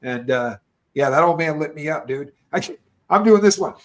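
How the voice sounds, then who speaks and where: A man's voice: a little high, animated, normal speed. A middle-aged man telling stories in loose, casual chat, swearing and calling people dude and bro.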